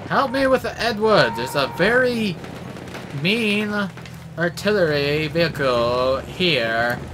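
An excitable man comments live on his own shooter match, his somewhat high voice leaping all over the place as he yells at enemies with mild minced oaths. He talks in slow, drawn-out bursts, and clear game noise with gunfire and vehicles runs behind him. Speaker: gameplay commentator.

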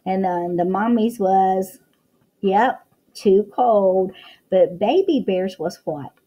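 Animated woman teacher reading to children. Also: mid-range voice, husky, rough recording. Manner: animated, exclamatory, asks the listener questions. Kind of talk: read-aloud lesson for young children.

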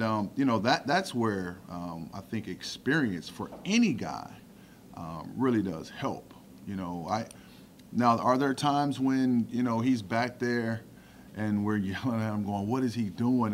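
A man's voice: fairly low pitch, slight background noise. A middle-aged man, a football coordinator, answering reporters plainly, with many fillers. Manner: relaxed, plainspoken, with frequent fillers. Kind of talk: press conference answers. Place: press conference room.

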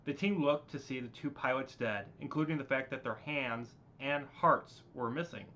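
A man's voice: mid-range voice, normal speed, bright, forceful tone. A man narrating a homemade story, reading with stumbles and restarts on a dull lo-fi recording.

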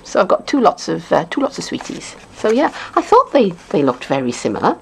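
A woman's voice: mid-range voice, wildly swooping pitch, brisk, vocal fry, darkish tone, a little hiss or hum, low-quality recording. A middle-aged woman with a Welsh accent, chatting casually as a craft demonstrator, rambling along with lots of fillers and little chuckles. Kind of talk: casual unboxing chat.

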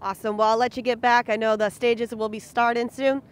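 A woman with a fairly high voice interviews rally teams beside the stages. She asks her questions in a friendly, upbeat way. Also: flat delivery, brisk, clear, resonant tone. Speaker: motorsport reporter.

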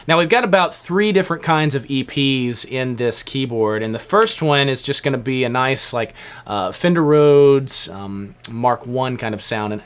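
Relaxed man explaining keyboard sounds. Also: medium pitch. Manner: relaxed, explanatory, with frequent fillers. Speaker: keyboard instructor. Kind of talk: casual instructional walkthrough.

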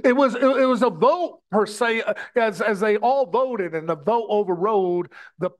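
An American man preaches with impassioned delivery, frequently stumbling and repeating words as he addresses his brothers and sisters. His voice sits high and moves at a normal speed.

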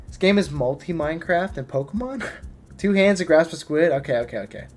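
An excitable young man gives live commentary on his game, chatting to the creatures on screen and reading out messages from chat. His voice sits a little high and swings widely in pitch. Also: fast talker. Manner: excitable, talks to the game creatures, yelps when startled. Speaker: streamer.

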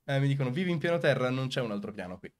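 An Italian-accented man chatting on his live stream at home, his pitch leaping up and down as he talks. He speaks hesitantly, with plenty of fillers, and laughs often. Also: lively intonation, very fast. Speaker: streamer host. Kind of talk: casual live-stream chat.

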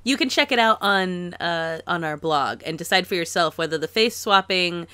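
A woman co-hosting a podcast in casual chat, teasing and quick with short replies. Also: lowish voice, expressive, bright, forceful tone, clear, resonant tone, no echo. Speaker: podcast co-host.

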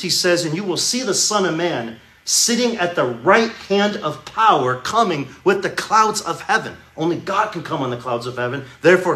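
A man's voice: a little high, sharp tone. Emphatic male preacher in an echoey hall. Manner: emphatic teaching, slows to stress key words. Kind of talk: sermon. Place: church hall.

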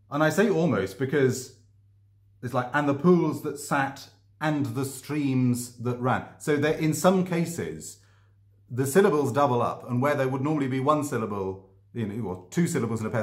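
A man talking about his own writing to camera, thoughtful and hesitant, with many ums and restarts. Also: medium pitch. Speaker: author discussing his writing. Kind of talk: casual explanatory vlog. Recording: echoey room.

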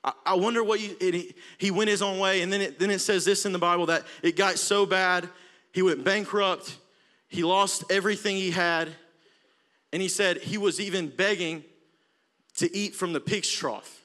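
A young man from Alabama with an Alabama accent preaching a sermon in a church auditorium, passionate, swelling from quiet talk to near-shouting. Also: high voice, steady tone, normal speed. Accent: Southern US, Alabama. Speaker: youth preacher.

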